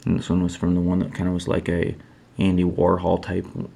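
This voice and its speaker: A man's voice: low voice, completely flat delivery, fairly quick, gravelly, warm tone, slightly rough. A man who is a trading card artist, showing his work in a casual, rambling way, thinking aloud and criticizing his own choices. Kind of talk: casual show-and-tell.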